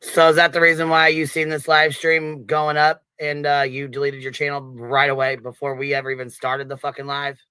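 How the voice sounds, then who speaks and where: A man on a live panel with a bright, smooth, clear voice. He accuses someone directly, with curses in almost every line. The sound is dry and close. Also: fairly high pitch, monotone, fairly quick, hardly any pauses, no echo, low-quality recording. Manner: accusatory, heavily profane. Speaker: panel guest. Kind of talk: heated panel talk.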